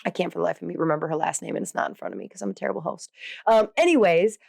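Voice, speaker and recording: A woman's voice: lowish voice, racing, creaky, darkish tone, dry recording, studio quality. Bubbly, chatty woman podcast host. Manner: chatty and self-deprecating, with many fillers; bubbly, playful asides. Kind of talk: casual podcast monologue.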